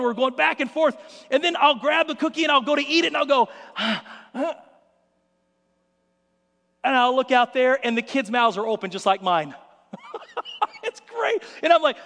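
A man preaching a sermon as pastor, telling stories in an animated way and acting out the scenes. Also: very high voice, gravelly, long reverb tail.

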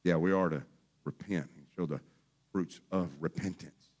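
A man preaching a fervent sermon as pastor, speaking straight to his congregation in folksy phrasing and moving between quiet talk and shouting. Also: low voice, steady tone, moderate pace.

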